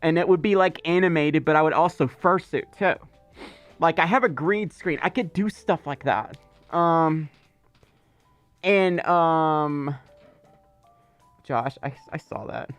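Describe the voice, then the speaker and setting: This livestream host has a fairly high, somewhat bright male voice. He chats loosely and rambles, reading viewers' messages out loud and filling the gaps with fillers and asides.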